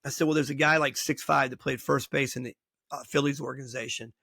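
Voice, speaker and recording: A man's voice: mid-range voice, fast, vocal fry, husky, no echo, clean studio sound. A middle-aged man hosting a podcast, a baseball coach telling stories in casual chat and acting out the voices of people he quotes. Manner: animated storyteller acting out quoted dialogue. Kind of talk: storytelling in casual interview chat.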